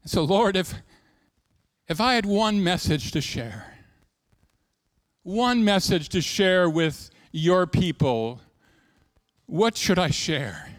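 A man's voice: sits high, lively intonation, slow pace, pauses often, no echo, studio quality. A middle-aged male pastor preaching a sermon in a folksy, conversational way, repeating words and talking straight to the congregation.

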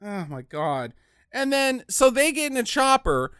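Speaking in a very high-pitched, sing-song voice that's fairly bright and a little slow, a podcast co-host rants through a movie recap, mocking it and swearing heavily. He does silly character voices, and the recording is clean studio sound without echo.

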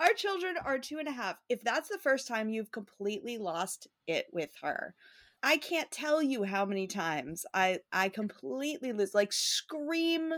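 Woman, 30s, podcast co-host, warm listener with ready laughs and advice. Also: on the high side, sing-song, a little slow. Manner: supportive, frequent laughs and affirming interjections. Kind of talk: casual chat.

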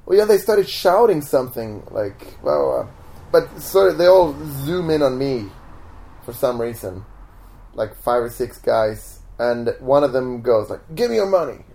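A man's voice: medium pitch, unhurried. A man being interviewed as a magician guest at home, telling stories casually and acting out the voices in them. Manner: animated, acts out voices in his stories.

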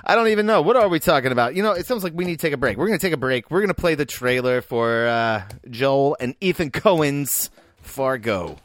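A man's voice: medium pitch, animated, a little fast, no room sound. A man co-hosting a film podcast, arguing in casual chat and swearing freely. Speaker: podcast co-host.

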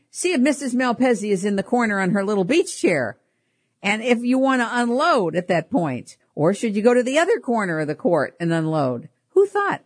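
A middle-aged woman hosting a show, telling personal stories in an animated way, often laughing and repeating her words. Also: a little high, breathy edge. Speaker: podcast host. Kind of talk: personal storytelling.

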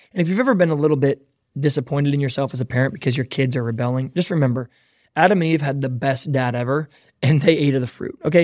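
A man's voice: mid-range voice, a little mellow, no room sound, clean studio sound. Earnest man hosting a parenting podcast. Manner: earnest, acts out dialogue with his kids. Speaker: podcast host. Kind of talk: casual teaching monologue.

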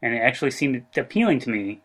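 A man co-hosting a comedy podcast, asking playfully naive questions in a deadpan way. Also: mid-range voice, fast. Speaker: podcast co-host and editor. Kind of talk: casual comedic banter.

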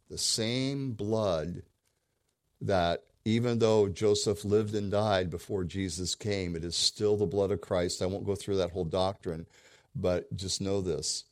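A man delivers a sermon from the pulpit in a low-pitched voice. He hammers points home through repetition and swings between quiet, intimate stretches and loud, rising emphasis. The sound is close and dry, with little room around it. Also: dry recording. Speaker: pastor.

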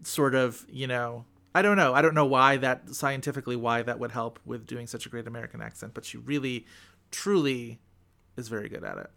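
A man's voice: mid-range voice, fairly even intonation, fairly quick, vocal fry, sharp tone. A man hosting a film podcast in casual chat, talking loosely with lots of fillers and easy laughs. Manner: chatty, lots of "like", laughs easily. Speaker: podcast host.

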